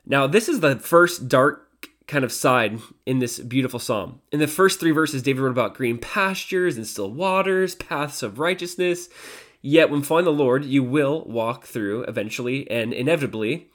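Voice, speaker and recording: A man's voice: mid-range voice, animated, normal speed, a bit bright. Man giving casual Bible teaching. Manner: casual, with fillers and self-corrections. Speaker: devotional podcast host.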